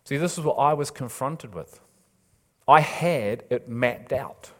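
A man's voice: mid-range voice, slow pace, fairly bright tone. A man preaching a sermon, urging and imploring his listeners with repeated phrases and casual asides. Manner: impassioned, urging, repetitive emphasis.

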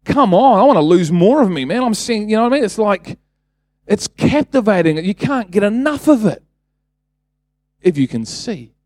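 A man's voice: high voice, big pitch swings, moderate pace, a little mellow, no room sound. A man preaching a casual sermon, talking conversationally, then building to emphatic bursts and asking the congregation rhetorical questions.

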